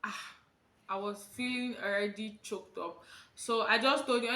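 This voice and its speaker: Animated Nigerian woman telling a story. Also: fairly high pitch, measured pace, reverberant. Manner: animated storytelling, acting out quotes in Pidgin and Yoruba. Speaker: vlogger. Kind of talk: storytime vlog.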